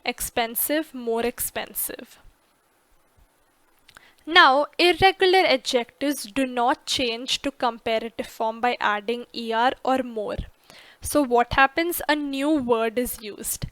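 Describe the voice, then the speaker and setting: A woman narrating an English grammar lesson, slow and careful, stressing each example word clearly. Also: on the high side, a bit bright, no room sound.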